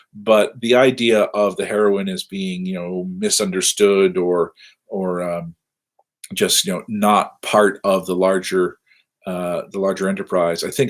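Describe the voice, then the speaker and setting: Guy professor rambling into his webcam from his office, kinda low voice, jokey asides. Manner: rambling, self-deprecating, wry asides. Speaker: university lecturer. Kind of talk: casual livestreamed lecture wrap-up.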